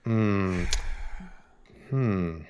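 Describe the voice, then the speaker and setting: A man's voice: fairly low pitch, extremely slow, dull audio, slight background noise. A man co-hosting a podcast in casual chat, laid-back, swearing freely and laughing often. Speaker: podcast co-host.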